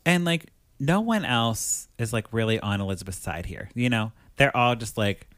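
A man's voice: medium pitch, animated, normal speed, a bit bright, no room sound. A man co-hosting a podcast, recapping a movie in casual chat, rambling and acting out the characters' lines. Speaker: podcast co-host.

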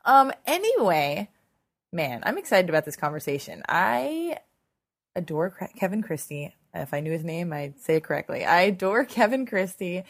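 Hoarse woman podcast host, low-pitched voice. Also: normal speed. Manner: chatty, swearing, animated asides. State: hoarse, lost voice. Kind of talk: casual podcast intro monologue. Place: Los Angeles.

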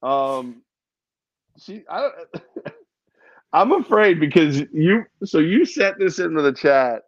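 A man's voice: mid-range voice, no echo, dull audio. A man co-hosting a podcast in casual chat, rambling through jokes and laughing often. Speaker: podcast co-host.

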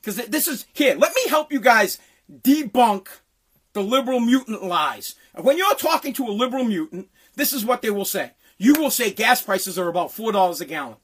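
A man ranting angrily, swearing constantly and often breaking into shouts. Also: high-pitched, expressive, normal speed, husky. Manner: profane, heated, often shouting. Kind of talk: angry political rant.

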